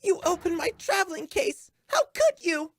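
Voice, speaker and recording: A man voicing a hysterical young woman passenger who shouts melodramatic accusations. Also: very animated, moderate pace. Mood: accusing. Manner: shrill, melodramatic outbursts.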